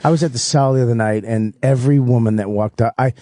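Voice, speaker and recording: A man's voice: fairly even intonation, fast, dark tone, no echo, clean studio sound. A man in his forties, a comedian in casual radio chat, rambling and swearing, with a smoker's cough. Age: 40s. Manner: rambling, profane, mimics voices in high falsetto.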